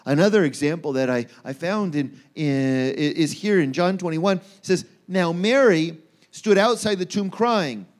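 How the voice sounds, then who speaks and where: High-voiced animated male preacher. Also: a little slow. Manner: animated, acts out quoted voices with rising pitch. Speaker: pastor. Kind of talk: sermon. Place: church.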